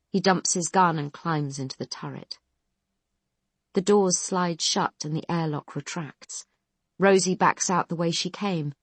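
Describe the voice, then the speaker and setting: A woman narrating an audiobook in a steady, even storytelling manner. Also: sits low, husky, dry recording.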